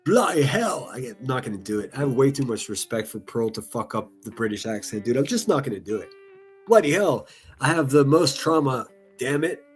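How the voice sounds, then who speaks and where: A man's voice: mid-range voice, fast talker, hardly any pauses, husky, faint music behind. A man doing casual reaction commentary, reading comments aloud in a sarcastic, mocking and profane way. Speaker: online commentary streamer.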